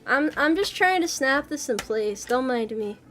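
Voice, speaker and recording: A woman's voice: high-pitched, expressive, normal speed, fairly bright tone, soft background music. A woman streaming from her home PC, chatting casually with her chat. She swears a lot and mutters to herself as she assembles a model. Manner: swears often, chatty and playful; muttering and exclaiming while building a model. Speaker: VTuber streamer. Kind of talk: casual livestream chat answering chat.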